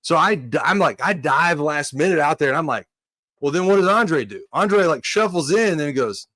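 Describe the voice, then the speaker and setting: With a fairly high-pitched voice at normal speed, a man who once played offensive line in college swaps stories on a laid-back sports podcast. The studio sound is clean with no echo, and he animatedly performs quotes, dropping "dude" frequently.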